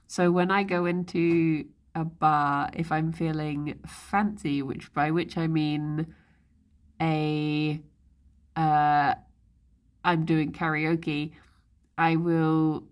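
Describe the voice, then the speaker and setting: A young woman streaming live, chatting casually and rambling, laughing often as she goes. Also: on the low side. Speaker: livestreamer. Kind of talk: casual chat.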